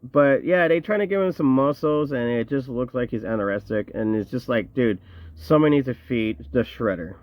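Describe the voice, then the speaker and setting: A man's voice: medium pitch, normal speed, muffled recording. A man casually reviewing action figures from his collection, chatty and slangy, with joking asides. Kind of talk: casual show-and-tell review.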